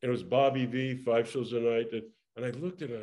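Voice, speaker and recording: An older man, a guest in an interview, tells a lively story from his performing days, laughing often and restarting his sentences. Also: mid-range voice, a little fast, hardly any pauses. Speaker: interview guest, former actor and singer. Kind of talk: casual anecdotal storytelling.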